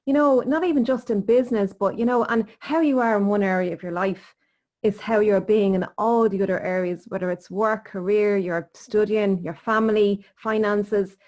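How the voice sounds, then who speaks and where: Woman host, mid-pitched, motivational, casual interview talk. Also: steady tone, moderate pace, a little mellow. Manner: earnest, encouraging, motivational. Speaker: podcast host, sleep coach.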